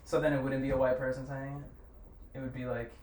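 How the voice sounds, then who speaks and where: A man's voice: medium pitch, level tone, quick pace, darkish tone. A man co-hosting a podcast in casual chat, loose and joking, with lots of filler words. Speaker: podcast co-host. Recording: roomy room sound, mic set at a distance.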